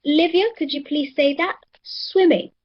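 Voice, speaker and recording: A woman teaching an English pronunciation lesson, encouraging and repeating words slowly for the class. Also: a little high, very animated, dull audio.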